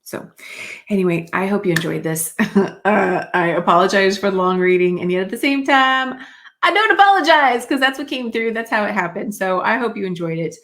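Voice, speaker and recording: A woman's voice: medium pitch, animated, fairly quick, a bit bright. Chatty woman giving a card reading. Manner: chatty, rambling, many fillers and asides. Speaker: card reader. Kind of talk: spiritual card reading to camera.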